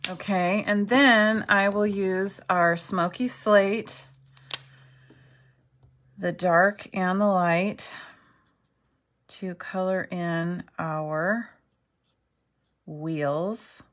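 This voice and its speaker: A woman's voice: fairly low pitch, steady tone, very slow, long pauses, a bit bright. A middle-aged woman teaching a card-making craft tutorial, chatty and self-deprecating, often checking in with "okay". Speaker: craft instructor.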